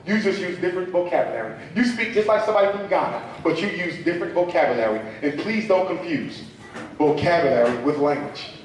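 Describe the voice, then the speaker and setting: A man's voice: a little high, lively intonation, fast, distant mic, a little hiss or hum. A man giving a talk to a live audience, preacherly, drawing call-and-response from the crowd. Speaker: speaker at a public talk. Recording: echoey hall, mic from afar.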